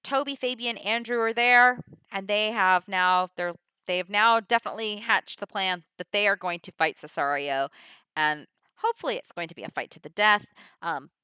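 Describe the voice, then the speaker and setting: A woman walks through a play's plot in a loose, chatty way, leaning on "like" and "you know". Her voice is bright and forward, and the sound is dry and close. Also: mid-range voice, moderate pace, clean tone, dry recording. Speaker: teacher summarizing a play. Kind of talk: casual retelling of a play with readings.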